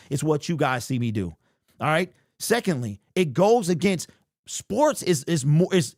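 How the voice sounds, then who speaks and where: A sports channel host runs a livestream, reading super chats and answering viewer comments in a heated, animated, argumentative way, repeating his points. His voice is on the high side, and the sound is studio quality with no echo.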